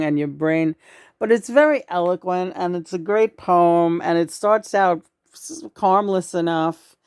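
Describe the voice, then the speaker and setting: Woman co-host, low voice, frank and rambling casual chat. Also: darkish tone, clean tone, no room sound, studio quality. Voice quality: rambling, trailing restarts. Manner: frank, swears freely.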